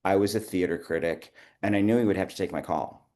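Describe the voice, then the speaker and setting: Deep-voiced man telling stories. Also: fast, a little mellow. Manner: rambling anecdotes with quoted dialogue and laughs. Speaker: guest, theater producer. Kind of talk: conversational interview storytelling.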